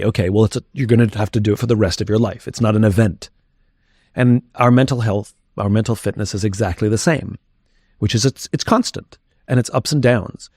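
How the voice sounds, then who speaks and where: A man's voice: lowish voice, darkish tone, no room sound, clean studio sound. A man talking candidly as an interview guest, reflective and thinking aloud as he goes.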